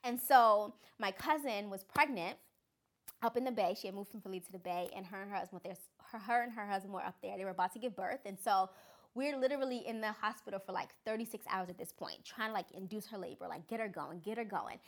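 A woman's voice: mid-range voice, fast. A young adult woman, a guest author, telling stories in a casual chat and acting out what other people said. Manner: animated, acts out other people's lines. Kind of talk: casual storytelling.

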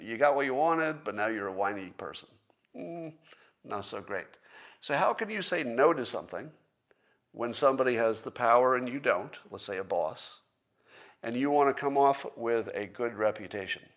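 A man's voice: medium pitch, animated, moderate pace, fairly bright tone. Self-assured man talking persuasively. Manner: conversational, persuasive, fond of rhetorical questions; plain-spoken and self-assured. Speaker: podcast host. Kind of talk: casual solo monologue.

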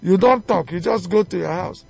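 A man's voice: high-pitched, normal speed, creaky, darkish tone, soft background music. A Nigerian man, a chief, arguing emphatically as a guest in a radio studio, firing off rhetorical questions. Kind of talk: heated radio debate.

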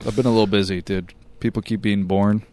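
A man's voice: lowish voice, steady tone, quick pace, warm tone, a little hiss or hum. A man co-hosting a podcast in casual chat, telling stories loosely with lots of filler words and laughter. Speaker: podcast co-host.

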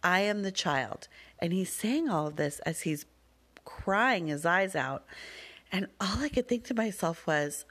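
A woman with a notably low voice tells a family story as a mother, chatting casually to her listeners. She talks at length, wanders through her story and leans on plenty of fillers. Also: lively intonation, unhurried, a bit bright. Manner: wordy, rambling, with many fillers.

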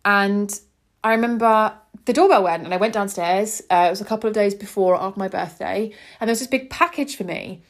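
A woman's voice: medium pitch, fairly quick. A woman, a podcast host telling a personal story in a candid, heartfelt way with frequent ums.

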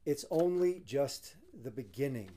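A man's voice: medium pitch, lively intonation, measured pace, mellow. A man leading a conversational Bible study, earnest and emphatic. He lingers on key phrases and repeats them for weight. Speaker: Bible teacher.

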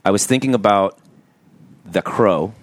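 A man's voice: lowish voice, measured pace, dry recording. A man hosting an interview in an easygoing, loose, self-deprecating way. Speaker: host. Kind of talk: conversational interview.

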